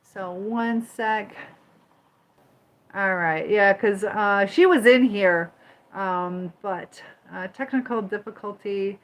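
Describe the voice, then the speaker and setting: A woman's voice: medium pitch, takes it slowly. A woman from Michigan and Indiana hosting a casual livestream, chatting with viewers, greeting them by name and firmly moderating the chat. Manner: firm when moderating the chat. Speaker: livestream host.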